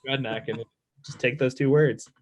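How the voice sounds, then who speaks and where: A man's voice: mid-range voice, fairly even intonation, normal speed. A man in his thirties, a professional snowboarder guest, telling stories in a laid-back, rambling way with lots of fillers. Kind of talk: casual storytelling chat.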